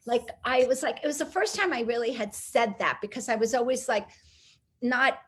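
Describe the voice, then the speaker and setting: A middle-aged woman telling a personal story as an interview guest, lively and acting out the people she quotes. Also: on the high side, normal speed, slightly rough. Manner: animated, acts out quoted voices.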